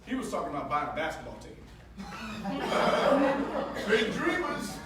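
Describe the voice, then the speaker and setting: A man giving an energetic, preacher-like motivational talk at a sales training, leading call-and-response and joking with the audience. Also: high-pitched, slow. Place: large hall with a live audience. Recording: echoey hall with crowd noise, from far off.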